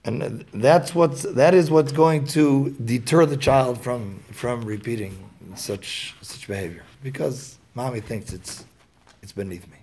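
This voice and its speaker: Guy with a gravelly husky voice, halting storytelling talk, lots of ums and restarts. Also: medium pitch, a little mellow. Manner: halting, many fillers and restarts.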